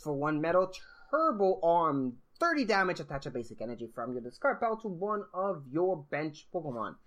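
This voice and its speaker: Man, host, lively pitch swings, laughs often, casual card talk. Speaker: podcast host. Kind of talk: casual card game discussion.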